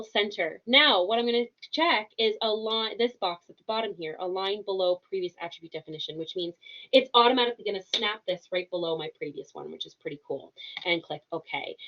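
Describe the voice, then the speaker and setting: A woman walking viewers through a software tutorial, upbeat and instructive, often checking in with "okay?". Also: mid-range voice, dull audio. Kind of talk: screen-share tutorial narration.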